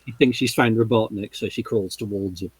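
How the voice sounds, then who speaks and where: A man narrating a storybook in a livestream read-along, steady in his reading and amused in his asides. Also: on the low side, fairly quick, slightly rough, poor audio. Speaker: reader.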